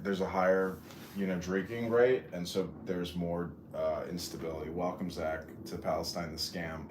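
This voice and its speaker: Male podcast host, very low voice, deadpan and mumbly, faint hiss in a roomy space. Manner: deadpan, mumbling asides, frequent throat clearing. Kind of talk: casual stoned chat. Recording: echoey room with faint noise.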